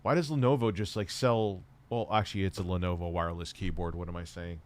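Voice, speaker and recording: Smooth low-voiced middle-aged man streaming. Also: fairly even intonation, fast talker, hardly any pauses. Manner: rambling, profane, reads chat aloud while shopping. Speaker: live streamer. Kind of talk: casual live stream chat.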